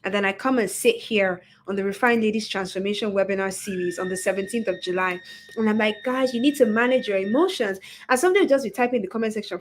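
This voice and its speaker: A woman hosting a webinar, giving a motivational talk and telling a story with lively acted-out quotes. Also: mid-range voice, fast. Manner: expressive storyteller, acts out quoted voices. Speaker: webinar host and etiquette coach.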